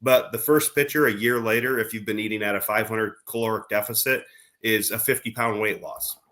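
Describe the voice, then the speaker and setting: A man co-hosting a podcast jokes and teases his co-host, then shifts to motivational advice about growth, building his points with examples. His voice is fairly low, bright, and forceful, brisk and fairly even in intonation.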